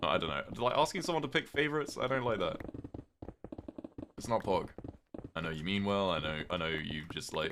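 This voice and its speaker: A British man casually chatting with his viewers on a livestream, reading chat aloud, swearing freely and reacting with sudden loud outbursts. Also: deep voice, noisy background. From Britain.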